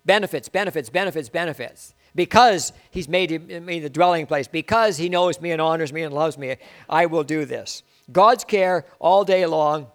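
Middle-aged male pastor, sermon delivery, slightly higher voice, big swings between loud and soft. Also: a little fast, few pauses. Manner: preacher who swings from loud declarations to hushed asides.

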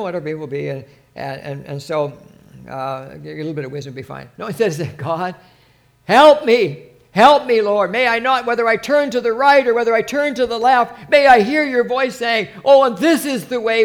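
Male preacher with a high voice; earnest, halting delivery that lifts into fervor when reading scripture. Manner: earnest, halting, many restarts and asides; reads scripture with rising fervor. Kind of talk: informal sermon with scripture reading.

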